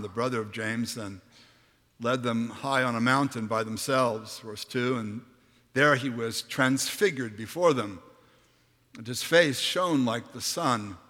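A male preacher delivers a dramatic sermon in a large church hall, his bright, forceful voice trailing a long reverb. He speaks slowly and deliberately, dropping to near-whispers and then surging to a boom as he reads the verses. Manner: dramatic, swings from hushed to booming when reading scripture.

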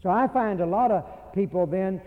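A man preaching a sermon in an emphatic way, slowing down to stress words and asking rhetorical questions. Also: sits high. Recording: tinny lo-fi recording with long hall reverb.

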